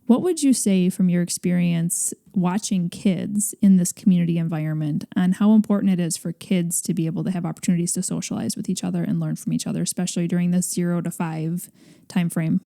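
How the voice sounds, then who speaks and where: A woman's voice: fairly low pitch, a little fast, vocal fry, warm tone. A woman hosting a podcast, asking a guest questions in an encouraging way. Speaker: podcast host. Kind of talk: interview questions.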